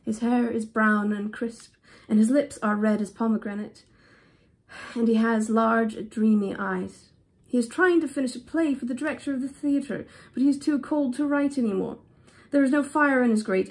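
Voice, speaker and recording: A woman voicing a sorrowful, kind statue prince in a storybook reading, earnest and gently commanding, with an affected English-style accent. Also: a little high, moderate pace, lightly acted.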